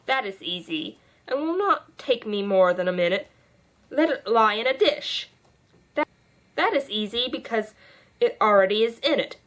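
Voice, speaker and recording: A soft, dreamy storybook queen, as a woman reading aloud puts her on. She coos her words slowly and waveringly in a high voice. She sounds gentle and a little muddled. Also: lively intonation. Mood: sing-song. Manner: slow, cooing and wavering. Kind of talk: audiobook reading.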